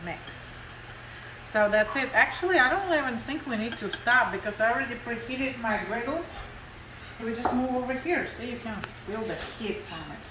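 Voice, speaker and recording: A woman's voice: a little high, lively intonation, normal speed, reverberant, background noise. Chatty Russian-accented woman cooking. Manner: chatty, explaining step by step with broken English. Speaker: cooking show host. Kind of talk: home cooking demonstration. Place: home kitchen.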